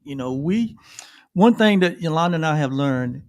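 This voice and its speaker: A middle-aged male co-host on a livestream reflects earnestly on gratitude, often repeating phrases and ending with "right?". His voice is on the high side with lively intonation, a darkish tone and normal speed, in a dry recording.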